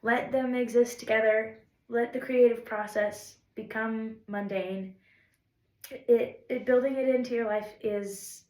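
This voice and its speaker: A fairly high-voiced woman chats to the camera about making things, rambling and encouraging with some self-deprecating asides. Her voice rings around a roomy, echoey space. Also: fairly even intonation, a little slow, darkish tone. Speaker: songwriter vlogger. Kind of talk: casual reflective talk to camera.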